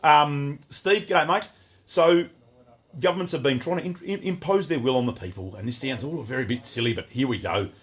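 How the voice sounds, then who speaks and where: Middle-aged Aussie man, shop owner doing a livestream rant; mid-pitched, rambling, keeps breaking off to greet viewers. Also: a little fast. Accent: Australian. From Western Australia. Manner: chatty, greets viewers by name, rambling restarts.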